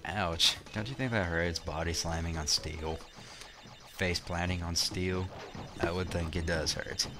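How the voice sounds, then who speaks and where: A man's voice: sits low, fairly even intonation, measured pace. A young man casually commenting on his own gameplay, rambling with lots of fillers and restarts and some crude words. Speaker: let's play commentator. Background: game music.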